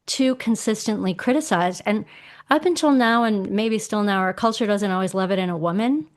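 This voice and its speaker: A middle-aged woman talking casually as a podcast guest, explaining ideas with animated emphasis and acting out quoted voices. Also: medium pitch, normal speed.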